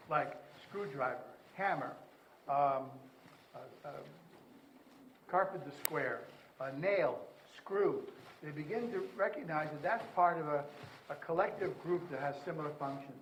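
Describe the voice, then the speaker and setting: A man giving a conference lecture, rambling with animated asides. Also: a little high, reverberant, slight background noise, rough recording. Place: conference hall.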